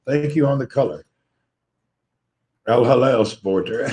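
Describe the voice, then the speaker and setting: A man's voice: mid-range voice, animated, normal speed, a little mellow. A man with a Southern US accent hosting a casual livestream, greeting viewers by name and chatting, his voice tired and a little crackly from lack of sleep. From Tennessee, USA. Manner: friendly, greets viewers one by one. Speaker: livestream host. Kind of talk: casual livestream chat, reading out viewer comments.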